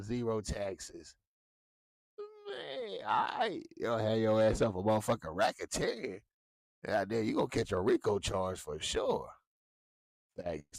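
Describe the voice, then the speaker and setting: A man hosting a casual talk show, ranting with lots of profanity and animated swings into high yelps. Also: no echo, studio quality. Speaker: show host.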